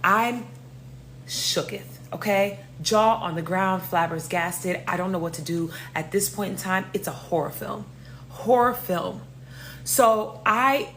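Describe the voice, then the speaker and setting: A woman from New tells a personal storytime in a lively, dramatic way, cursing freely. Her voice sits in a middle pitch. A faint hum runs under the recording. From New York. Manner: animated, profane, dramatic storytelling. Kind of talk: casual storytime.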